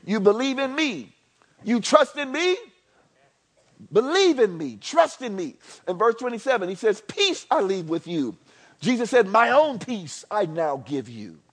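A man preaching a sermon in a church. He is animated and chatty, repeating phrases and rising from soft asides to near-shouting. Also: sits high, unhurried. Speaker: pastor.

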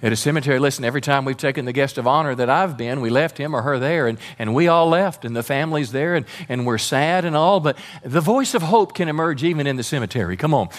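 A man's voice: medium pitch, fast talker, few pauses. A man preaching a sermon as pastor, fervent and calling on the congregation to respond.

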